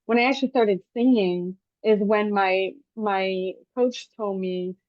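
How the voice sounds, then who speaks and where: A woman hosting a podcast, chatting casually and telling lively stories with animated quoted asides. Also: medium pitch, unhurried, no room sound. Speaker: podcast host. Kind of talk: casual interview chat. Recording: dull, dry lo-fi podcast audio.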